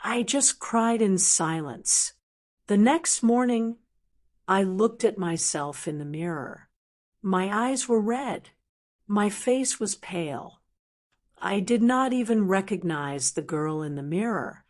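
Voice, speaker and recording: Woman narrator, mid-pitched, slow and clearly enunciated, doing scripted storybook narration for learners. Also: expressive, darkish tone. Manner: slow, plain, clearly enunciated simple sentences.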